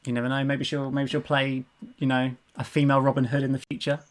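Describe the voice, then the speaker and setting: A man's voice: medium pitch, completely flat delivery, quick pace. A man hosting a casual quiz livestream, talking in a rambling, hedging way with plenty of fillers. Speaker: quiz host.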